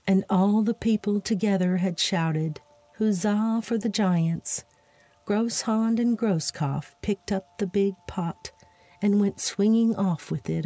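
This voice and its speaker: A woman narrating a fairytale as a soft bedtime story, slow and soothing, lightly voicing the giants' lines. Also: fairly low pitch, no echo.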